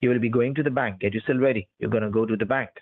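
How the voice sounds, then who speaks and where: A man's voice: medium pitch, steady tone, racing, a crowd in the background. Pushy man over a tinny phone line. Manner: pushy, repetitive, bossy commands. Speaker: phone scammer. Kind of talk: phone call.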